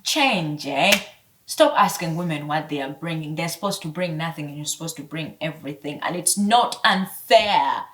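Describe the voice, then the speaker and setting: A woman's voice: expressive, normal speed, far from the mic. Heated ranting woman in her twenties. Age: 20s. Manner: heated, profane, swinging from loud outbursts to low mutters. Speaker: vlogger. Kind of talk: casual rant to camera.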